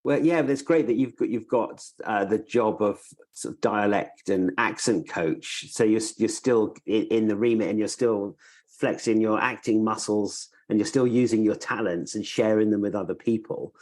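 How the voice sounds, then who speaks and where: Lowish-voiced guy co-hosting a podcast, eager, a few ums and uhs. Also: normal speed, darkish tone. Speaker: podcast co-host. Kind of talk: casual interview chat.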